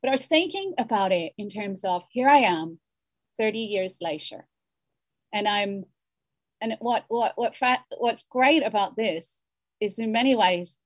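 A woman's voice: mid-range voice, animated, unhurried, dry recording. A woman in her fifties, a novelist, musing in a rambling interview with many restarts. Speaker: novelist guest. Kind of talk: reflective interview conversation.

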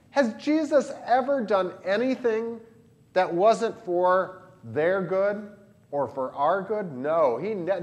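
A pastor with a Southern Illinois accent, leading a lively catechism lesson for children and adults and quizzing the class. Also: male voice, high voice. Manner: animated, asks the class questions.

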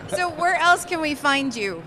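A woman's voice: high-pitched, lively intonation, unhurried, a loud crowd. A woman co-hosting a podcast, interviewing a guest in a casual, gushing, effusive way. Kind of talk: casual convention interview chat.

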